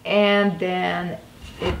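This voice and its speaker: A woman's voice: on the low side, little pitch movement, extremely slow, gravelly, a crowd in the background. A woman whose first language is Polish, chatting casually in a couple Q&A, giggly and hesitant as she searches for words. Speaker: vlogger. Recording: roomy echo.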